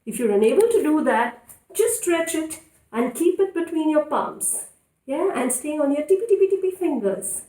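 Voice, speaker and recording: A woman leading a children's yoga class in a playful, encouraging way, giving clear step-by-step instructions. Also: sits high, sing-song, moderate pace, mellow. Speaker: kids' yoga teacher. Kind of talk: guided kids' yoga instruction. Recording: echoey room, voice from a distance.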